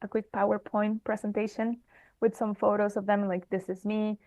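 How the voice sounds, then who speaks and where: Woman in her 30s, hr expert guest, talks with her hands, lively and expressive. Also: medium pitch, normal speed. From Mexico. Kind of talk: conversational interview answers.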